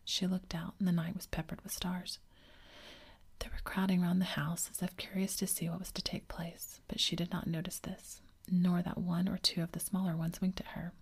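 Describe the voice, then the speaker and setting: Woman whispering a bedtime story, low and gravelly. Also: little pitch movement, normal speed. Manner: whispered throughout.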